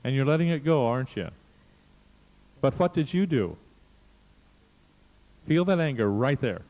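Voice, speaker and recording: A man's voice: mid-range voice, very animated, unhurried, a little mellow. A man leading a seminar group, urging and prodding with short, insistent commands. His voice carries a long reverb tail from the hall. The tape sounds dull and muffled. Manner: coaxing, insistent prompts. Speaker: seminar leader. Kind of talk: guiding a participant through a live workshop exercise.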